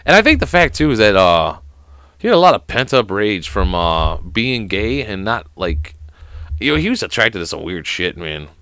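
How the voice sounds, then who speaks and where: A podcast host who is currently sick rambles through a casual solo rant, swearing often and padding gaps with "like." His lowish voice is very animated and sharp-toned, at a moderate pace with no echo.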